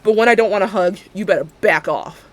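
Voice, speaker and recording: A woman streamer talks casually while playing a game, telling rambling stories and voicing both sides of each conversation. Her voice is medium in pitch and quick-paced, with soft music in the background. She's chatty and meandering, full of fillers and self-corrections.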